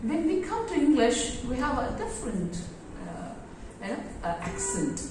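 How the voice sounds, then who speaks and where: A woman's voice: sits high, wildly swooping pitch, a little mellow, a little hiss or hum. Woman teacher in a very echoey room. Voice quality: halting, many "uh" and "you know" fillers. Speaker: English teacher. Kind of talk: explanatory lesson. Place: classroom. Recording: very echoey room, voice far from mic.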